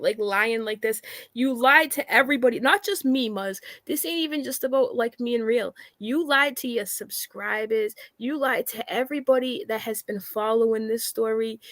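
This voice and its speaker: A woman's voice: fairly high pitch, a bit bright, no room sound, studio quality. A woman co-hosting a livestream, calling someone out in an exasperated, profane rant. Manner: exasperated, profane, calls people out. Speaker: livestream co-host.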